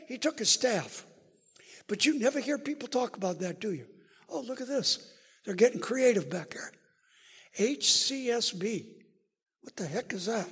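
A male preacher giving a sermon, joking and teasing the crowd and building up to shouts. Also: very high-pitched, husky. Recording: long hall reverb.

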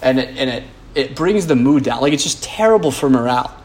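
A man's voice: mid-range voice, expressive, fairly quick. A man, a podcast host, rambling in a casual monologue, blunt and profane, full of "like" and restarts.

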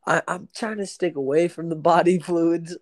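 A man's voice: a little high, moderate pace, no echo. Young man rambling, says bro constantly. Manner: hesitant, restarts, says bro a lot, laughs. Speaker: podcast co-host. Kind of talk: casual podcast banter.

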